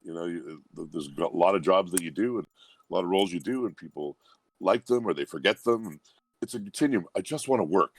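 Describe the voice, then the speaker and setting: A man, a guest voice actor, talking in a relaxed interview in a reflective, humble and unhurried way. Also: low voice.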